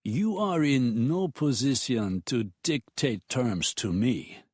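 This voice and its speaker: A man's voice: medium pitch, expressive, slow, darkish tone, breathy edge, no room sound, clean studio sound. A man voicing a smug, whiny foreign ex-husband with a reedy voice in an audiobook. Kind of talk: audiobook character voice.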